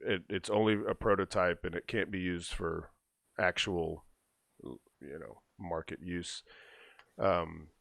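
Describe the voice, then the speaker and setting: A low-voiced man hosts a podcast and calmly walks his co-hosts through tech news in a loose, conversational style. His voice is recorded dry and close, with no room echo. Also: slow, vocal fry. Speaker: podcast host. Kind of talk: casual chat.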